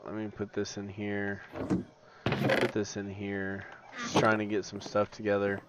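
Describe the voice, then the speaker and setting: A sleepy, yawning man streaming a game, mostly mumbling quietly to himself as he plays, with sudden loud laughing bursts. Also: on the low side, little pitch movement, a little slow. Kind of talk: casual gameplay commentary. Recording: dull lo-fi stream audio, faint noise.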